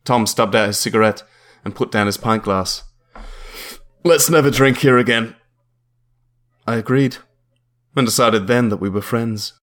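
Male narrator for a memoir audiobook; dry, deadpan wit. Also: fairly low pitch, moderate pace. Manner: dry, wry understatement.

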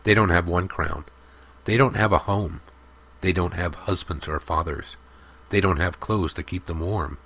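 A man voicing a strong, furious young village leader who speaks slowly and menacingly. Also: sits low, creaky, fairly bright tone, husky, heavily acted. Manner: slow, cold, menacing.

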